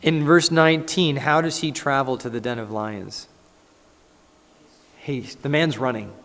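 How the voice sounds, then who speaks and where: A man, a pastor, preaching a conversational, animated sermon in a church and acting out scripture. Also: mid-range voice, measured pace. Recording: echoey church hall.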